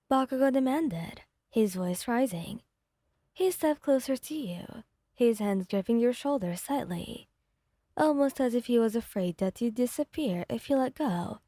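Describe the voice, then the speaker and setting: A woman narrating an ASMR fanfic reading in a soft, steady storytelling manner. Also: on the high side, measured pace, no echo, studio quality. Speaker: fanfic reader.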